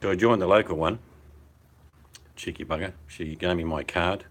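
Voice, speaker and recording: Chatting by the fireplace at home, this older Aussie hangout participant rambles through easygoing, blokey banter over a phone video call on mobile data. His voice is low-pitched and moderately paced.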